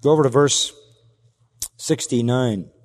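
A man's voice: medium pitch, a little slow, darkish tone, big-room sound. A man preaching an expository sermon as pastor, emphatic, acting out quoted lines in a raised voice.

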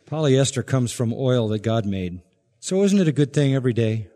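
An older man preaching a sermon, emphatic, swinging between forceful peaks and quiet, low passages. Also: lively intonation, normal speed. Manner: emphatic preaching, rising to loud peaks and dropping to hushed, low lines. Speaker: pastor. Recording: long hall reverb.

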